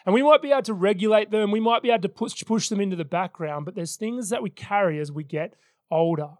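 A man's voice: high voice, fast, darkish tone, no echo, clean studio sound. A man in his thirties preaching a sermon as pastor, telling personal stories in an earnest way. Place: church service.

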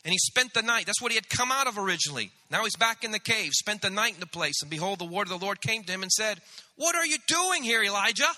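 A man pastor preaching a sermon, animated, acting out the voices of biblical figures. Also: high-pitched, fast, hardly any pauses. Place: church sanctuary. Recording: church hall reverb.

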